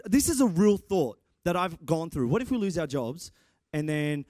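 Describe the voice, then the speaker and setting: Excitable young preacher, dry sound. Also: male voice, on the high side, normal speed, no room sound. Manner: animated, excitable, with many restarts and rising shouts. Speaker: preacher and church guitarist. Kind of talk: sermon. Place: church.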